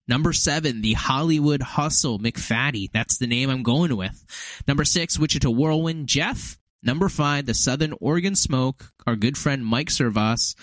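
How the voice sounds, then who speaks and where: A man's voice: a little high, fairly bright tone, dry recording. A man hosting a casual podcast chat, rambling with lots of fillers and frequent laughs. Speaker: podcast host and league commissioner.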